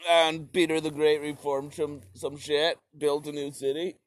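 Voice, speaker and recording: A man's voice: on the high side, flat delivery, a little slow. A young man giving a rambling, profane comedic history rant, full of slips and restarts.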